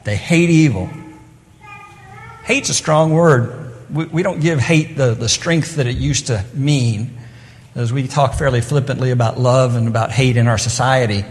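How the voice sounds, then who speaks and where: A man's voice: medium pitch, measured pace. A middle-aged man preaching an evening sermon in an earnest, conversational way, now and then acting out the voices he quotes. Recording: long hall reverb.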